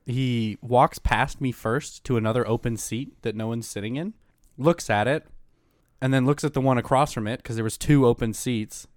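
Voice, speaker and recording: A man's voice: mid-range voice, fairly even intonation, normal speed, no echo, clean studio sound. A young man casually telling a story to a friend, swearing freely, laughing often and acting out both sides. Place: indoor room.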